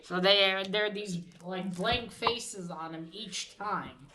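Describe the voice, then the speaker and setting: A woman casually recapping a manga volume's plot and then showing the book, in a halting, rambling way with many fillers and restarts. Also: medium pitch, background noise. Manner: swears casually. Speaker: manga reviewer.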